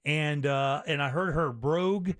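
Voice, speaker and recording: A man hosting a casual podcast chat, telling stories in an animated, rambling way. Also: a little high, unhurried, no echo, clean studio sound. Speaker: host.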